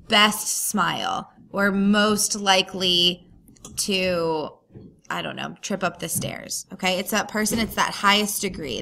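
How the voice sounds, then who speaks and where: A woman's voice: lowish voice, creaky, pushed and bright, a little hiss or hum. A woman teacher talking through a recorded grammar lesson, patient and explaining step by step.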